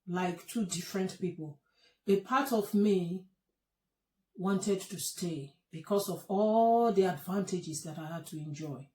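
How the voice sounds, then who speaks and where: A woman telling her own story of a past relationship, emotional and halting, often dropping to soft low tones. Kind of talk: personal storytelling. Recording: echoey room.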